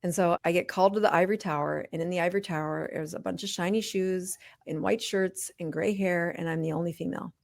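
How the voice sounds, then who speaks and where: A woman's voice: lowish voice, fairly even intonation, fast, gravelly, few pauses. A middle-aged woman physician, a podcast guest, telling her personal story candidly and with liveliness, acting out exchanges.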